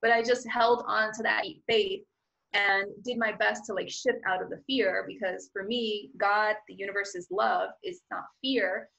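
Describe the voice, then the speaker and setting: A woman's voice: mid-range voice, steady tone, unhurried, gravelly, a bit bright, highs cut off. A woman telling a personal story as a guest in a casual, chatty way, full of "like" fillers, acting out her own thoughts along the way. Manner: chatty, filler-heavy with frequent "like".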